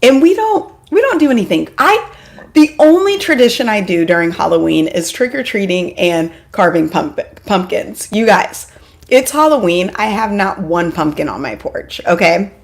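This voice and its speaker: A woman hosting a casual live stream from home, chatty and excitable, joking at her own expense and greeting viewers by name. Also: medium pitch, normal speed. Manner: self-deprecating, apologetic asides. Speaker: homeschool mom vlogger hosting a live stream.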